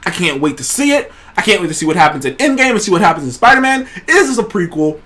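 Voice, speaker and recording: A man hosting a casual trailer review show, talking in an excited, rambling way and swearing freely. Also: high voice, fast talker. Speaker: show host.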